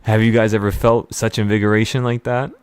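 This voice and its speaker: Intense low-voiced man rambling with excitement. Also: fairly quick, clean tone, dry recording. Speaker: trading channel host. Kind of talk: emotional motivational monologue.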